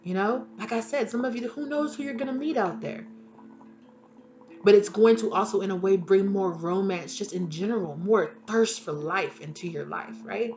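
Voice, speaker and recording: A woman's voice: mid-range voice, normal speed, dull audio. Chatty woman reading tarot, swearing freely. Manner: chatty, animated, swears freely, laughs at herself. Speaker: tarot reader. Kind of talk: casual collective tarot reading.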